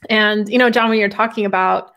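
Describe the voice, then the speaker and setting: Creaky-voiced woman, a casual guest. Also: mid-range voice, steady tone, brisk, fairly bright tone. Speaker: herbalist guest. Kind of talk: casual conversation.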